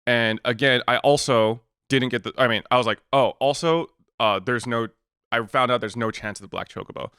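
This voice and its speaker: A man's voice: mid-range voice, a little fast, bright, forceful tone, clear, resonant tone, dry recording, clean studio sound. A man co-hosting a podcast, retelling a story in casual chat, acting out both sides of the exchange and swearing in exasperation. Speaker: podcast co-host.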